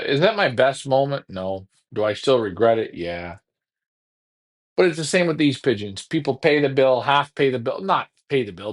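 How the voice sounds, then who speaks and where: A man hosting a pigeon racing show in casual talk, taunting a rival with repetitive trash talk. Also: mid-range voice.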